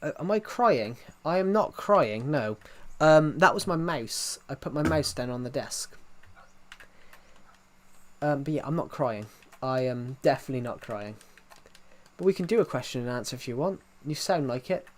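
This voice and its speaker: A man's voice: mid-range voice, expressive, normal speed. A young man live streaming and chatting with viewers in a rambling, jokey way, with a thick accent and lots of restarts. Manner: rambling, with many restarts and false starts; self-deprecating and jokey. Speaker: livestreamer. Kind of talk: casual livestream chat answering viewers.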